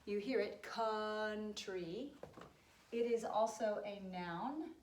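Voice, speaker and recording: A woman teaching children a spelling lesson, cheerful and encouraging, spelling words out slowly. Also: mid-range voice, darkish tone, roomy sound, slight background noise.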